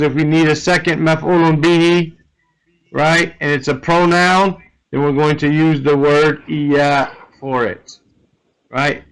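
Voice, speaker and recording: Slow-paced man teaching Arabic grammar. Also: on the high side, fairly bright tone, poor audio. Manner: explains step by step, checks in with "right?". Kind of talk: online lesson explanation.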